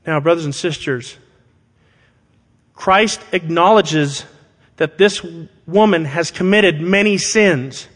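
A man preaching a sermon to his congregation, speaking deliberately and with emphasis and asking rhetorical questions. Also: a little high, fairly bright tone. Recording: long hall reverb.

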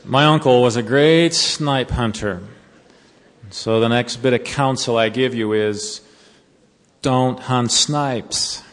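A man giving a sermon to college students, telling a folksy story and then slowing to earnest counsel. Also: medium pitch. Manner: storytelling, turning slow and earnest. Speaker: devotional speaker to college students. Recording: long reverb of a large hall.

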